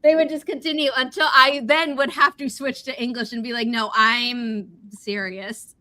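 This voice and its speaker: A young woman hosts a livestream, chatting casually in a bright, clear voice pitched a little high. She's a brisk, animated storyteller who slips into other people's voices when she quotes them.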